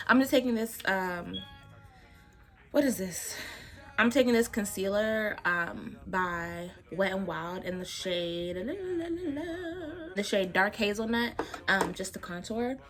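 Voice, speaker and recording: A woman's voice: medium pitch, soft background music. Young woman telling a story, laughing. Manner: animated, laughing, profane, drawn-out storytelling. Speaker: beauty vlogger. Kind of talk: casual storytelling while doing makeup.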